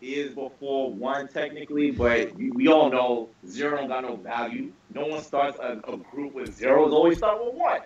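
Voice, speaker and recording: A man's voice: mid-range voice, lively intonation, moderate pace, hardly any pauses, a little hiss or hum. A man on a casual group podcast who tells a story with lots of energy, stammering, repeating words and swearing freely. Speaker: podcast panelist. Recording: roomy, distant, dull lo-fi call audio.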